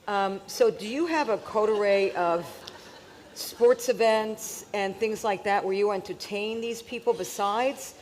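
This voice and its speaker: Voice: medium pitch, a little hiss or hum. An interviewer on stage asking questions in a chatty way and laughing often. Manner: chatty, laughs often, quick back-channel replies.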